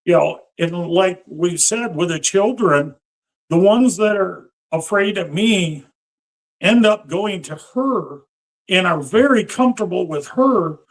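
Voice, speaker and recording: A man who works as a professional Santa, speaking as a guest in a casual interview. His voice is high for a man and he talks slowly. He is earnest and pauses on fillers. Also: animated.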